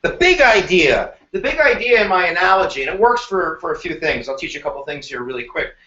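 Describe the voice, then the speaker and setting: An energetic male history teacher runs a live exam review, joking as he goes. His voice sits high and bright. The live stream sounds roomy and dull, like lo-fi audio. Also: fast talker. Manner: animated, joking, slips into silly voices.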